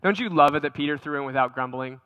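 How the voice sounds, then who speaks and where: A man preaching a lively, conversational sermon in a fairly high, bright and forceful voice. He repeats his words and keeps asking the congregation questions. The sound is dry and close. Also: quick pace, smooth, no room sound, lo-fi sound. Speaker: pastor.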